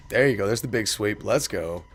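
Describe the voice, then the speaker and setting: A man's voice: on the low side, animated, a little fast, a little hiss or hum. A man streaming a video game, chatting casually with viewers, profane and rambling but heartfelt. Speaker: gaming streamer. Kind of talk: casual stream chat while gaming.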